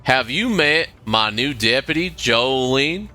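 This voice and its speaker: A man's voice: fairly low pitch, sharp tone, clean tone, soft background music, exaggerated voice. A man reading as a folksy village sheriff. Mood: friendly. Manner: slow, halting read-aloud of game dialogue.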